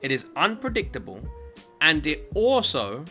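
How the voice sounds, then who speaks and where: A man hosting an anime reaction, chatting casually, excitable and swearing now and then. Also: a little high, moderate pace, faint music behind.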